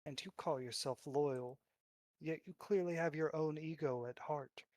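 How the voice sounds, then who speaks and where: A man's voice: on the high side, a little slow, a little mellow, close to an everyday voice. A man voicing a cold scheming demon lord. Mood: scornful. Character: sly scheming male demon lord in disguise.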